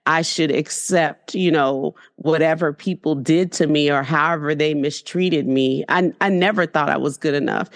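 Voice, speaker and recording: Low-voiced woman telling her story earnestly. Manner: earnest, faith-filled storytelling with frequent "you know". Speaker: entrepreneur guest. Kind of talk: candid conversational interview.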